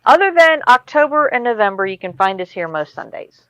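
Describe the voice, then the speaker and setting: A woman hosting a casual chat, friendly and brisk. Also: a little high, big pitch swings, a bit bright, no echo, poor audio. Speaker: host.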